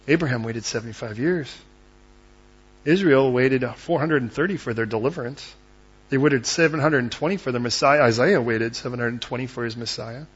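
A man preaching a sermon, swinging from loud, urgent exhortation to hushed, intense asides. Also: mid-range voice, a little fast, muffled recording, a little hiss or hum. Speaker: pastor.

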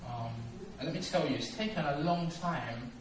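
A man preaching a sermon, acting out dialogue and swinging from quiet reflection to loud, animated storytelling. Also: fairly high pitch, moderate pace. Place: church hall. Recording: echoey hall, distant mic, noisy.

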